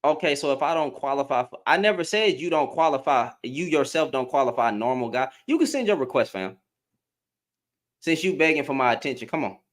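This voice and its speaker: A man's voice: mid-range voice, expressive, a little fast. A man hosting a livestream, ranting in heated, emphatic commentary, repeating and restarting his words. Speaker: livestream host.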